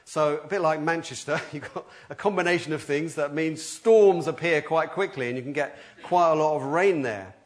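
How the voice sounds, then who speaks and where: Animated preacher. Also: male voice, a little high, normal speed, few pauses. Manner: animated, acts out quoted voices with sudden loud outbursts. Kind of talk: sermon.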